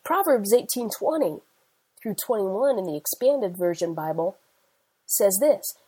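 Middle-aged woman preacher, husky, earnest, conversational storytelling sermon. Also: medium pitch, animated, unhurried, mellow, low-quality recording.

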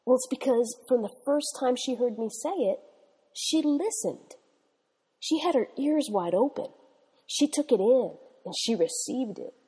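A woman's voice: on the high side, warm tone, husky, in a large hall. A middle-aged woman preaching a sermon, emphatic and repetitive, checking in with her listeners. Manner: emphatic, repetitive exhortation with "okay?" tags. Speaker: Bible teacher.

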